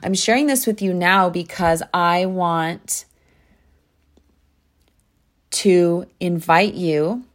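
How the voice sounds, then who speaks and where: A woman's voice: lowish voice, slow pace, long pauses. A young adult woman hosting her own podcast, talking earnestly and from the heart, with lots of "like" fillers. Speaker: podcast host and spiritual coach. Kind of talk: casual podcast monologue.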